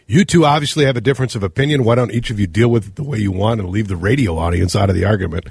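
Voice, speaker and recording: A man from Minnesota with a Minnesotan accent, co-hosting a radio show in casual, animated talk. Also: fairly low pitch, rapid-fire, creaky, slightly rough, no room sound, clean studio sound. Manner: animated, ranting, mimics accents. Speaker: radio co-host.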